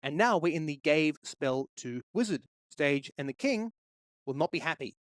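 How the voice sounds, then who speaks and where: A man's voice: on the high side, animated, moderate pace, no room sound. A man walking through a game development tutorial, explaining each step steadily into a close microphone. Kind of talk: screen-recorded tutorial.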